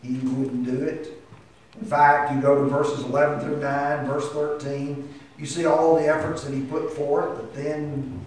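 A man's voice: fairly high pitch, flat delivery, unhurried, darkish tone. A man preaching a sermon with impassioned delivery that climbs to emphatic peaks. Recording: echoey hall heard from a distance.

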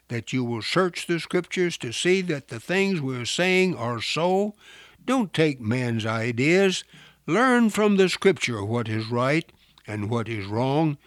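Male radio preacher, slow and earnest, slightly high voice, dry close sound. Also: no room sound. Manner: slow, earnest, deliberate teaching. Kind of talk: sermon.

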